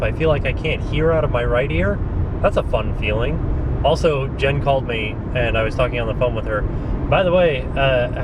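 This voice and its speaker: A man's voice: mid-range voice, background noise. A man, around his thirties, chatting casually and jokily to his vlog camera. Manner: chatty, animated and jokey. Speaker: vlogger.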